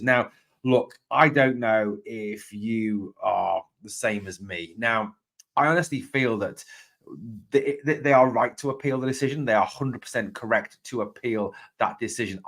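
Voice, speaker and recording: A man's voice: fairly low pitch, fairly bright tone. A man hosting a live fan podcast, talking emphatically, repeating his points and greeting viewers by name. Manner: emphatic, repeats points, opens with "now, look"; reads viewer comments and greets them. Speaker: podcast host.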